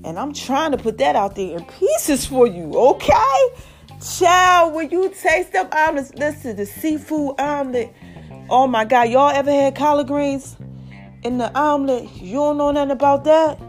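High-pitched woman chatting on her podcast, lively and talkative, faint music underneath. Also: normal speed. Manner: chatty, animated, calls listeners "y'all" and "child". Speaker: podcast host. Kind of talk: casual solo podcast chat.

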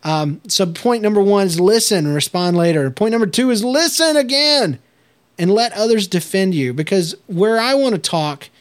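A man's voice: sits high, lively intonation, moderate pace. A man, a children's ministry pastor, giving emphatic, emotional podcast advice with folksy fillers. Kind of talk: casual podcast talk.

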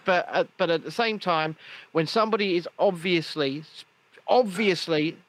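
High-voiced man ranting with emphatic repeats. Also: normal speed, dry recording. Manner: emphatic, repeats phrases, stumbles and restarts, swears. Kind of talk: casual chat.

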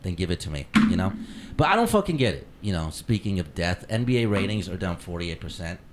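Man, podcast host, profane mock-angry rants, lively swooping pitch, faint background noise. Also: a little fast. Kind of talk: casual podcast banter.

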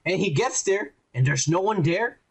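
A man's voice: high-pitched, lively intonation, normal speed, creaky, husky. A man hosting a podcast, ranting heatedly and swearing a lot while reviewing a show. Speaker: podcast host. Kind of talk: casual ranting review chat.

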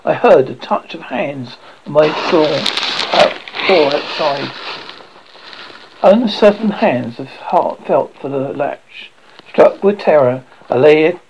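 A man's voice: a little high, creaky, slightly rough, highs cut off. A man narrating a classic horror story in the first person, tense and lingering over each moment of dread.

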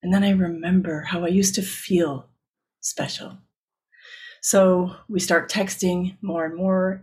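A middle-aged woman telling an intimate, confessional personal story. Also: lowish voice.

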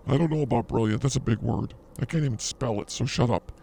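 A male podcast co-host bragging and ribbing his partner in playful banter. His voice has a gravelly, fry-heavy texture at a middle pitch. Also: fast, warm tone, a little hiss or hum. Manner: boastful, mock-arrogant teasing. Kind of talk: comedic banter.

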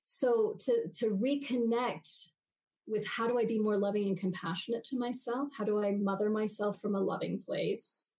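A woman's voice: mid-range voice, steady tone, normal speed, darkish tone, low-quality recording. A woman guest on a podcast interview, explaining ideas animatedly and acting out everyday voices as she goes.

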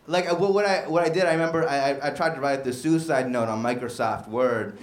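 A young man doing a stand-up set in a comedy bar, mostly flat and dry, with sudden loud mock shouts, on a handheld stage mic. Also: medium pitch, a little fast, a crowd in the background. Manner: dark deadpan humor with bursts of loud mock shouting. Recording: echoey bar room.

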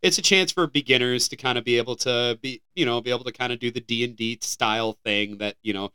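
A man's voice: medium pitch, quick pace, pushed and bright, clear, resonant tone. An American man co-hosting a podcast, reading out headlines in a casual, joking way and sometimes stumbling over words. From United States. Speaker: podcast co-host.

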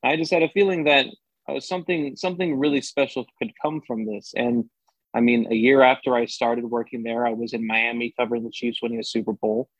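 A man's voice: medium pitch, level tone, fairly quick, no room sound, low-quality recording. A young man, a sports anchor, chatting casually as a podcast guest and often restarting his sentences with upbeat energy.

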